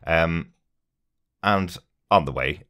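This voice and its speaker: A man with a very deep voice hosts a casual podcast conversation. He talks with enthusiasm, filling his pauses with "uh" and "um.". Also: pushed and bright. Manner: enthusiastic, frequent fillers. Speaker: podcast host. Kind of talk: casual chat reviewing a film. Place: podcast recording.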